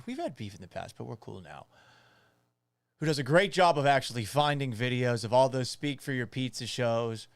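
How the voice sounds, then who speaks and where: A man hosting a sports talk podcast, animated and sarcastic, with a punchy, opinionated delivery. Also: mid-range voice, clean tone, dry recording. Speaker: sports radio and podcast host.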